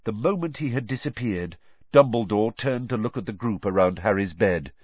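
Brief: male audiobook narrator, lowish voice with lively intonation, dry and lo-fi. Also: normal speed, dry recording. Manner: expressive storytelling. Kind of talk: scripted narration. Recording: dull lo-fi recording.

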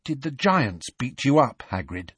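A man voicing an earnest, clever teenage schoolgirl who speaks quietly and apologetically. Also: sits high, wildly swooping pitch, moderate pace, slightly rough, no echo, pitched above the performer's own voice, exaggerated voice. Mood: hushed.

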